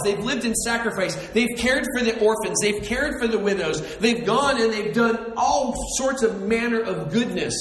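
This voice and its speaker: A man preaching a sermon as pastor, animated, repeating phrases and acting out the voices of people he quotes. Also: sits high, roomy sound, in a large hall, poor audio.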